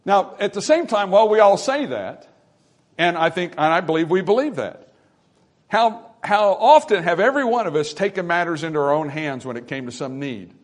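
A man's voice: high-pitched, animated, normal speed. Man preaching with rising fervor. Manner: preaching with wide swings from hushed to emphatic. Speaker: pastor. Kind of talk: sermon. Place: church sanctuary.

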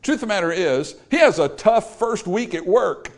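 A man's voice: sits high, moderate pace. A man preaching a sermon, storytelling and acting out the people he quotes. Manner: animated, acts out quoted voices.

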